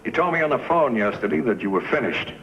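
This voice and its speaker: A man's voice: medium pitch, big pitch swings, fairly bright tone, a little hiss or hum. An actor playing a blunt, fed-up male talent agent who speaks firmly, in 1950s TV drama style, on a dull old TV soundtrack. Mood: reproachful. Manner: blunt, measured, firm.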